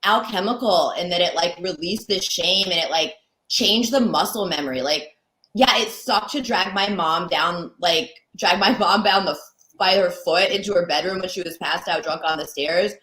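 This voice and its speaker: Bright-voiced woman telling wild stories. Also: on the low side, moderate pace, echoey room, rough recording. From Connecticut, USA. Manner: chatty, peppered with "like", acts out quoted lines. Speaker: guest comedian. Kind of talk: candid storytelling interview.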